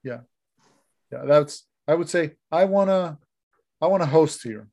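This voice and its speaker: A man's voice: a little high, a little slow, creaky, dark tone. A man co-hosting a casual podcast, giving advice in a chatty way, restarting sentences and dropping to a mumble at the ends of phrases. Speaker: co-host.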